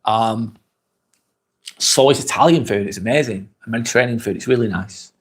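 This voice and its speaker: Reading viewer comments on his live vlog, an English man keeps things relaxed and conversational, firing off lots of questions. He talks at a normal speed in a mid-range voice.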